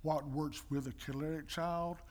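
An older man giving sermon-style teaching with personal stories, emphatic and animated, with a husky voice. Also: fairly high pitch, a little slow. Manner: animated storyteller, emphatic, mimics slapping sounds. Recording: long reverb in a large hall.

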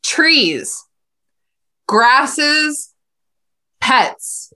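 A woman's voice: high voice, very animated, drawn-out words, sharp tone. A woman co-hosting a podcast in casual chat, rambling with fillers and laughing at herself. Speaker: podcast co-host.

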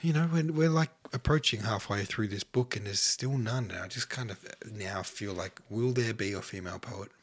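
Breathy, gravelly man podcasting. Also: lowish voice, normal speed, few pauses. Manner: rambling, offhand, drops to near-whisper at times. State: short of breath. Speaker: podcast host. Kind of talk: casual solo podcast chat.

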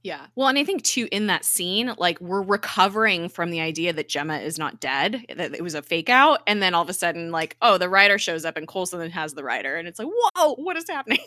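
A woman's voice: on the low side, brisk, hardly any pauses, no echo, clean studio sound. A woman co-hosting a casual podcast, recapping a TV episode with lots of laughs and emotion. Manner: animated, laughing, tearful recapping. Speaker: podcast co-host.

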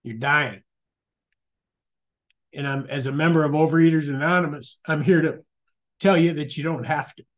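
A middle-aged man gives a personal testimony at a support meeting. His voice sits a little high for a man, and he talks in a candid, conversational way, circling back and restarting his sentences. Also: steady tone, brisk. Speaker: meeting speaker sharing recovery story.

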